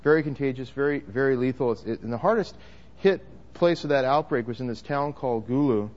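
A man's voice: mid-range voice, fairly quick, darkish tone, dull audio. A man preaching a sermon to a congregation, emphatic, with frequent restarts and repeated words. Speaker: pastor.

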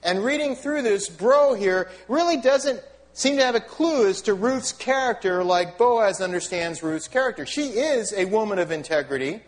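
A middle-aged man delivers a sermon in a chatty, animated style, throwing rhetorical questions and wry asides at his listeners. His voice sits fairly high for a man and swings widely in pitch, rising and falling as he preaches. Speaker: pastor.

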